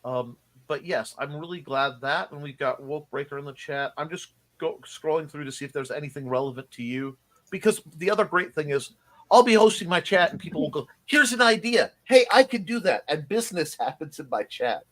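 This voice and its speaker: A man's voice: on the high side, a little fast. A man hosting a live-streamed show, chatting casually and enthusiastically, rambling with frequent restarts and laughter.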